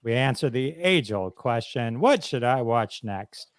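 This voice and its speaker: A man's voice: mid-range voice, a little slow, dry recording. A man hosting a podcast about TV shows, chatting casually and running the show. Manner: relaxed storyteller, tells jokes with put-on old-man voices. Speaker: podcast host. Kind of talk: casual chat.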